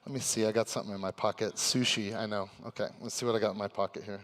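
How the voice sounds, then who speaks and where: Man, convention stage host, hype-building, excitable, shouty bursts, tense bright tone. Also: on the low side, rapid-fire, few pauses, long reverb tail, a faint crowd, a little hiss or hum. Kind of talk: live stage hosting for a crowd. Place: convention stage before a live audience.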